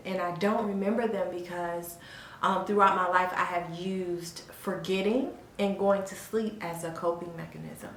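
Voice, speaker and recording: A woman's voice: mid-range voice, steady tone, moderate pace, a little hiss or hum. A woman co-hosting a podcast, telling a candid personal story in an earnest way, often laughing at herself and turning to listeners with "y'all". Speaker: podcast co-host. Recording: echoey room.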